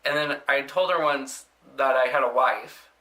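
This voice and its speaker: A man's voice: mid-range voice, normal speed. A young man telling stories from his work as a nursing assistant in a rambling casual way, full of "like" and "um". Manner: chatty, rambling, frequent "like" and "um" fillers; mimics patients in loud exaggerated voices. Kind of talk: casual storytelling vlog.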